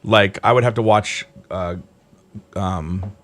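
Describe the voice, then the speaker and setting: Male co-host for morning radio chat: lowish pitch, dry and teasing, offhand delivery. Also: fairly even intonation, takes it slowly, fairly bright tone. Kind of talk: casual on-air banter.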